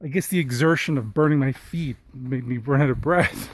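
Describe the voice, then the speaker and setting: A man's voice: mid-range voice, moderate pace, low-quality recording. A young man, out of breath, chatting casually and laughing at himself as he films a hike outdoors on a handheld camera. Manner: chatty, self-mocking, laughing. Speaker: vlogger. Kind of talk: casual hiking vlog. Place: outdoors on sand dunes.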